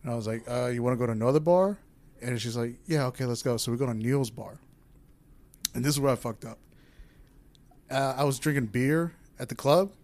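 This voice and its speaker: A young man in casual podcast chat, telling a rambling, candid story and acting out the lines of each person in it. His voice sits at an ordinary middle pitch. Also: fairly quick, long pauses, darkish tone.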